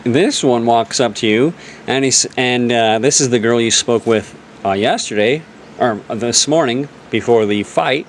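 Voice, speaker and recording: A man's voice: medium pitch, measured pace, a little hiss or hum. A man narrating a tabletop game as game master, joking and often restarting his sentences. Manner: animated, joking, self-interrupting.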